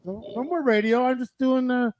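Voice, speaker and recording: A man's voice: very high voice, normal speed, darkish tone, no room sound, rough recording. Joking, swearing male radio host. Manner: loose, joking, swears casually. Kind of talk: casual chat on a live video call show.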